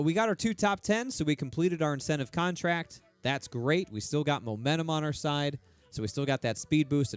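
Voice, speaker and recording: A man's voice: medium pitch, clear, resonant tone. A young man commenting on his racing game career, sarcastic and openly swearing at rivals. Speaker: sim racing streamer.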